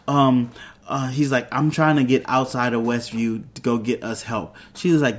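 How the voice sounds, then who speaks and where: A man casually recapping a TV episode, rambling and restarting often, dropping into quick quoted voices for the characters. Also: medium pitch, steady tone. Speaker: TV show reviewer.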